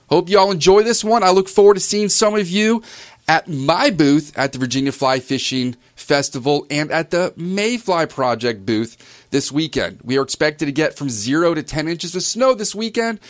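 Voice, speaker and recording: Lively male podcast host over a call. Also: fairly high pitch, moderate pace, faint music behind. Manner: lively, chatty, friendly questions. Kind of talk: podcast interview. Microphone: remote call with some feedback.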